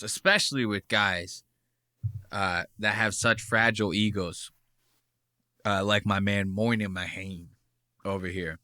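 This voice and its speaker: A man's voice: lowish voice, steady tone, measured pace, pushed and bright, no echo, studio quality. Brash, mocking man hosting a podcast. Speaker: podcast host. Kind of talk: reaction commentary.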